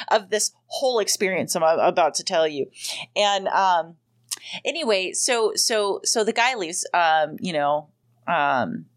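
A woman in her forties hosting a podcast, telling a long personal story in a rambling way, full of ums and casual swearing. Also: on the low side. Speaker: podcast host.

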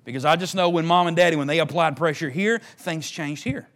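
A man preaching a sermon as a pastor, talking conversationally and then building to loud, drawn-out exhortation. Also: on the high side.

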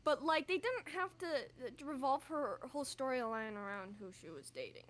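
High-pitched woman on a podcast call, super animated, swears casually. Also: normal speed. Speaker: podcast co-host. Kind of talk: casual chat.

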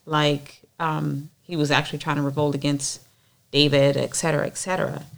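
A woman's voice: deep voice, flat delivery, moderate pace, gravelly. A woman reading scripture aloud and then discussing it casually, thinking aloud with fillers. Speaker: Bible study reader and discussion leader.

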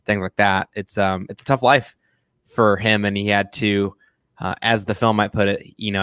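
A man with a fairly low voice talks through his take on a film in a loose, rambling way, stopping and restarting his sentences often. The sound is dry and close, with no room around it. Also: fairly even intonation, normal speed, fairly bright tone, clean tone, dry recording. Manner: rambling, many restarts and fillers, laughs often. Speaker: film review podcast co-host. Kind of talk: casual film review chat.

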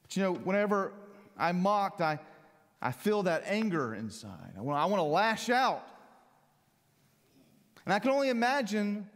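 A man preaching a sermon, emphatic, climbing to loud peaks and then dropping to quiet lines. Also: high voice, sing-song, normal speed, pauses often. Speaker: pastor. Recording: long hall reverb.

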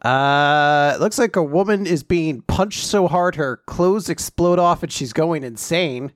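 A man in casual chat, animated and laughing often as he swears and acts out character lines. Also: on the high side, a little slow, no room sound, studio quality. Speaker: podcast co-host. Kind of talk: casual chat recapping a comic.

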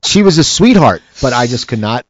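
A man's voice: mid-range voice, very animated, a little fast, no echo, highs cut off. A man hosting a casual chat, telling rambling anecdotes with restarts. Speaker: podcast host.

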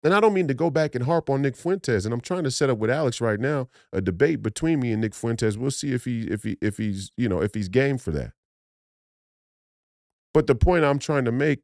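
A man's voice: medium pitch, darkish tone, no echo, clean studio sound. A man from Minnesota hosting a podcast, delivering an emphatic, preachy political monologue with many restarts and repeated phrases. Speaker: podcast host.

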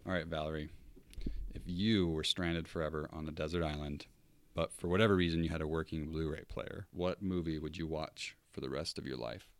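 A man's voice: extremely low pitch, fairly even intonation, brisk, smooth. A man co-hosting a podcast, chatting casually and enthusiastically about favorite characters. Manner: enthusiastic, hyping things up. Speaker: podcast co-host. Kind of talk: casual chat.

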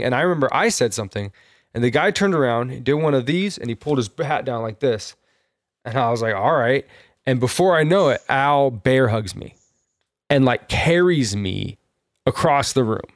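A man's voice: medium pitch, animated, normal speed, no room sound, clean studio sound. A man in casual chat with friends, laid-back and casual with his swearing.

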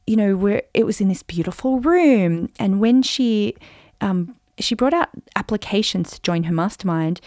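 A woman in her forties hosting a podcast, telling a personal story in an animated, chatty way with lots of fillers. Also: mid-range voice, moderate pace, no room sound, studio quality. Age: 40s. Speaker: podcast host.

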